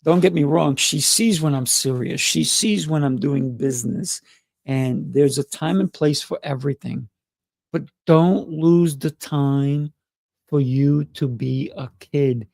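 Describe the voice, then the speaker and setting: A middle-aged man hosting a motivational livestream, playful and excitable, often laughing as he talks. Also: fairly high pitch, measured pace, gravelly, no room sound, clean studio sound. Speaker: livestream host.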